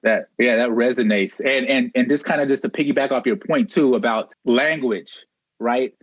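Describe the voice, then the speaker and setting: A man in a conversational discussion, talking in a halting way with lots of false starts. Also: medium pitch, no echo, lo-fi sound. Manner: halting, many fillers and restarts.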